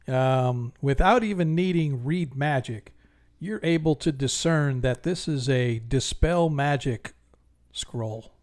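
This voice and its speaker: A man narrating a tabletop game as game master, describing scenes in slow, measured steps with a few fillers. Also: mid-range voice.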